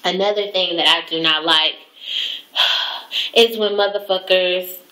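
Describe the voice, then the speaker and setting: A woman's voice: fairly low pitch, steady tone, normal speed, sharp tone. A young woman ranting profanely and with exasperation in a casual home vlog, speaking to her camera. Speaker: vlogger. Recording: echoey room.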